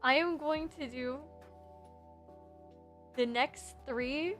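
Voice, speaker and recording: A woman's voice: high voice, extremely slow, fairly bright tone, soft background music. A young adult woman streaming casually as a VTuber, rambling and giggling while reviewing designs. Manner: rambling, giggly, self-deprecating. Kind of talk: casual livestream chat.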